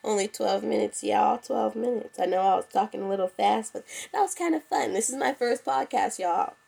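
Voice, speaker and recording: A young woman talks through her solo podcast in a loose, chatty way, calling her listeners "y'all." Her voice sounds congested and a bit stuffy. Her pitch sits in the middle range. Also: moderate pace, gravelly, mellow, slightly rough. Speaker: podcast host. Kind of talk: casual solo podcast talk. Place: at home.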